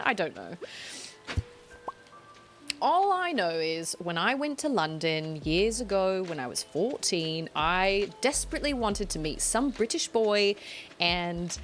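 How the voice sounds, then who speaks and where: A woman streaming a game, chatting casually, giggling and thinking out loud as she plays. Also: medium pitch, animated, measured pace, soft background music. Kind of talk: casual gameplay streaming chat.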